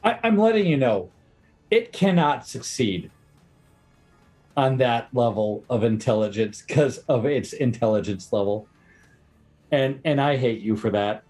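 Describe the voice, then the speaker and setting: A man's voice: mid-range voice, lively intonation, unhurried, long pauses, a little mellow, faint music behind. A man running a tabletop game as game master, chatty and teasing the players while he explains rules.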